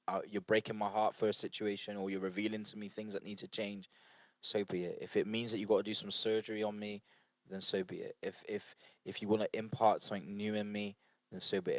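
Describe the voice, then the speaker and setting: An earnest man with a lowish voice leads a church study group. He talks in a loose, conversational way, repeating himself and using fillers. The sound is dry and close. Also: no room sound. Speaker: church leader guiding a book study group. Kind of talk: informal devotional talk to an online group.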